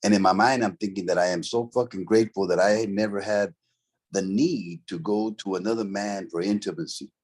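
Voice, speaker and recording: A man's voice: lowish voice, steady tone, fairly quick, a little mellow. A middle-aged man, telling a story from his past in a casual, profane, streetwise way, full of "bro" and "right?". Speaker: interview guest, former convict.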